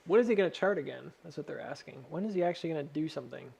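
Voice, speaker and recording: A man with a slightly high, gravelly voice talks through stock charts in a loose, joking way. He rambles and thinks aloud, trailing off and picking up again as he works. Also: animated, very fast, a little mellow. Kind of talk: casual charting livestream.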